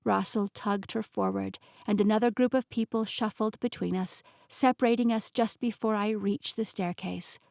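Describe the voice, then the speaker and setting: A woman narrating a first-person novel with expressive, emotionally engaged delivery. Her voice sits at a medium pitch. The studio recording is dry and close. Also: moderate pace, creaky, few pauses, no room sound. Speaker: audiobook narrator.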